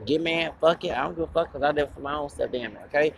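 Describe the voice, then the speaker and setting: A man's voice: a little high, fast talker, vocal fry, fairly bright tone, a little hiss or hum. A man hosting his own channel, delivering an angry, profane and rambling confrontational vlog rant. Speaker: channel host.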